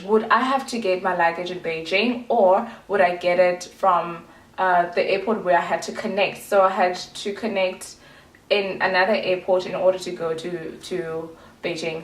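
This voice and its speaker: Young woman from South Africa, casual vlog chat, rambling and playful, mid-pitched voice, echoey room. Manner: chatty, rambling, playful asides. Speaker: vlogger.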